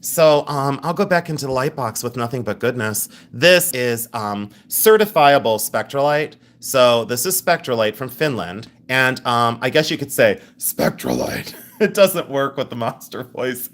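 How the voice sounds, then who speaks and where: A man runs a live-stream jewelry sale in a chatty, teasing way, laughing often between descriptions of rings. His mid-pitched voice swings widely in pitch as he jokes with viewers. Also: normal speed. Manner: animated, giggly, teasing. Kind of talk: live-stream sales chat.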